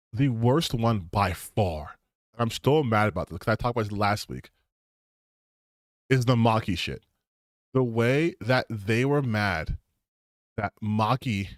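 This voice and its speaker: A male streamer in a loose, rambling rant, swearing freely and jumping into excited spikes. His voice sits at an ordinary middle pitch, and the sound is close and dry. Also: dry recording. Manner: animated and profane, with bursts of excitement.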